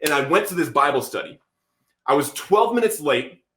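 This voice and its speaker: A man telling his life story as a podcast guest, animated, acting out quotes and saying "bro" a lot. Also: fairly high pitch, normal speed, roomy sound, a little hiss or hum. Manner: animated, acts out quotes, says "bro" often. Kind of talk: storytelling testimony.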